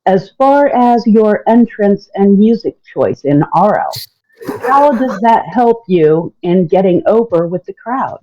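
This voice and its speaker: A woman's voice: mid-range voice, animated, a little slow. A woman producer relaying listener questions on a podcast, wry and teasing. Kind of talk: casual podcast chat. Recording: dull lo-fi sound.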